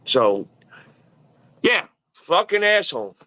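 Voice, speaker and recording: A man's voice: fairly high pitch, sing-song, slow pace, sharp tone, dry recording, highs cut off. A man in his early forties, a podcast guest, telling stories in a casual, profane, rambling way. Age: early 40s.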